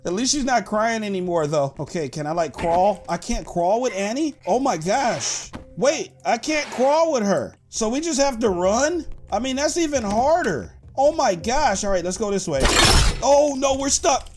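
A man giving excited gameplay commentary to his viewers, full of "like" and "guys" and bursting into sudden shouts. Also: high-pitched, moderate pace, few pauses, faint music behind. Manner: animated, says "like" and "guys" a lot, bursts into shouts. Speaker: gaming YouTuber.

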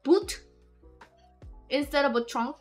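A woman's voice: sits high, takes it slowly, faint music behind. A woman streamer, chatting casually and rambling with many restarts and giggles. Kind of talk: casual live-stream chat.

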